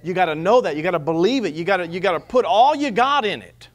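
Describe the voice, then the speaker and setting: A man's voice: high-pitched, lively intonation, quick pace. A man preaching a sermon as pastor, mixing scripture reading with humor. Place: church.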